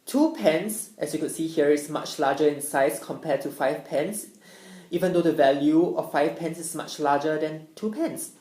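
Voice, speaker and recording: A young woman with a low voice gives an upbeat student presentation, explaining things clearly. Her voice carries a noticeable room echo. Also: moderate pace, mellow. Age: young adult. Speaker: international student. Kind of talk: presentation talk. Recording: echoey room.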